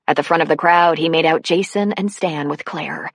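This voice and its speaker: A woman with a notably low voice reads a novel aloud at a steady, unhurried pace. Her narration is recorded close and dry, with no room sound at all. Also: dry recording. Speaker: audiobook narrator. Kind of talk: scripted narration.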